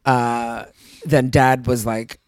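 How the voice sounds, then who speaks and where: A woman casually telling a family story, acting out relatives with bursts of high, put-on voices. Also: fairly even intonation, takes it slowly, a little mellow, no echo. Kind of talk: casual chat.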